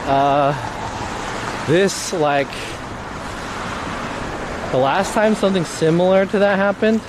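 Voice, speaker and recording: A man's voice: sits high, takes it slowly. A man live-streaming outdoors in light rain, telling a story in a rambling, cursing way full of "like". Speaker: IRL streamer. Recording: street noise behind.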